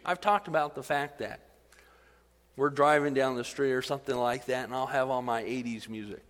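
A middle-aged man preaching a sermon in a conversational, animated way, building to excited emphasis. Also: mid-range voice, moderate pace. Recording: long hall reverb.

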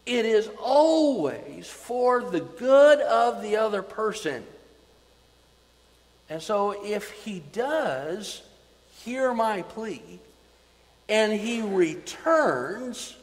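A man preaching a sermon as pastor, swinging between loud emphasis and quiet, repeating words for weight. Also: sits high, lively intonation, extremely slow, pauses often, big-room sound, poor audio.

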